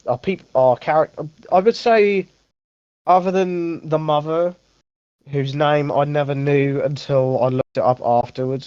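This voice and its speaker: A man's voice: medium pitch, a little mellow, clean tone, no room sound. A young man chats through a film review in a loose, rambling way, often stopping to correct himself and dropping the odd swear word. His voice sits mid-range, and the recording is dull and lo-fi, with a very dry, close sound. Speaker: podcast host. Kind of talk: casual movie review chat.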